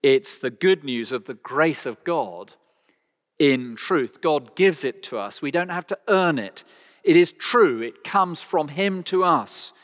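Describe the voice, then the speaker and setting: A British man preaching in a big church, his voice ringing with a long reverb. He speaks slowly and deliberately, with a lively, rising and falling pitch. His delivery is earnest and emphatic, and he returns again and again to key phrases. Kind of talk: expository sermon.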